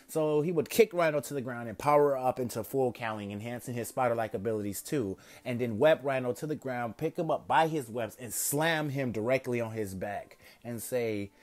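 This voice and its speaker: A man's voice: mid-range voice, moderate pace, few pauses. Rambling male fan storyteller. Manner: rambling, casual, with self-corrections. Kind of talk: improvised fan story narration.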